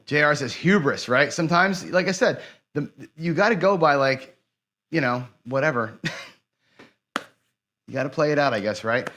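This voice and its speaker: A man's voice: medium pitch, fairly quick, pauses often, a bit bright. Frustrated man muttering on a live stream. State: dejected after a loss. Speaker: host of a live craps stream.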